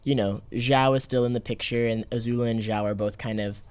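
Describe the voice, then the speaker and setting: A man's voice: mid-range voice, fairly even intonation, a little fast, a little mellow, smooth, dry recording. A man co-hosting a podcast in casual chat, hesitant, repeating words and laughing easily. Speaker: podcast co-host.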